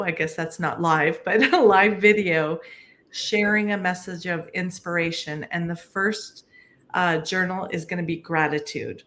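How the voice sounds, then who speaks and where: A woman on a video call, talking in an upbeat, promotional way about a project. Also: lowish voice. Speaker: guest entrepreneur. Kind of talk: casual chat.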